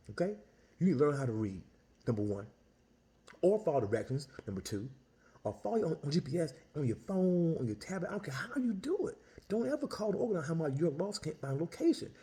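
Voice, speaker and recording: Speaking fairly quickly in a higher register, the man who sells Italian ice rants about a story in a casual, exasperated way. He's animated, keeps restarting and repeats his words a lot.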